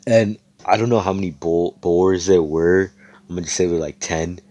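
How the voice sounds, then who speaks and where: Casting: young man, deep voice, loose and slangy, making up a fan story on the spot. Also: fairly even intonation, moderate pace, warm tone, no room sound. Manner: rambling, slangy, swearing, many fillers. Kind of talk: improvised fan fiction storytelling.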